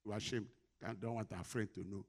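A man preaching a sermon, asking the congregation questions and answering them, swinging between loud and quiet. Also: on the low side, steady tone, fast.

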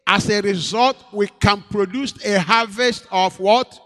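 A man's voice: sits high, a little slow, few pauses, fairly bright tone, long reverb tail. A man preaching a sermon as pastor, asking his congregation questions and waiting for their replies.

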